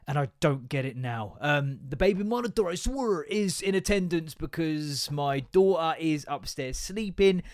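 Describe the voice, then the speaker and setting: Knackered guy rambling on his podcast, swears a lot, bit high voice, dry close mic. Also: dry recording. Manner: rambling, self-mocking, sweary. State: tired. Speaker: podcast host. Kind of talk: casual solo podcast chat.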